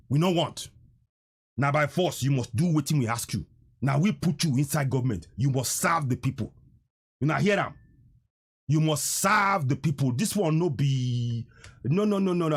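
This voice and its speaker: A man's voice: a little high, breathy edge. A man with a Nigerian accent, hosting a political livestream and mixing Pidgin with English, repeating himself to drive his point home. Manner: preachy, repeats lines, mixes Pidgin and English. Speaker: livestream host.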